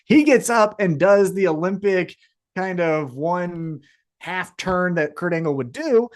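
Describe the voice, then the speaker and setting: A man's voice: high-pitched, lively intonation, measured pace. A man co-hosting a wrestling podcast, recapping matches in casual talk and giving blunt opinions with some swearing. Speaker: podcast co-host.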